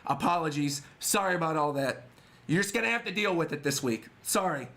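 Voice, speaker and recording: Lively high-voiced man reacting on stream. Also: fairly quick, creaky. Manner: animated, reads panels aloud and chats to viewers. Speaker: streamer reacting to a manga chapter. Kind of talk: casual livestream reaction. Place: temporary room away from home. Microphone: webcam setup.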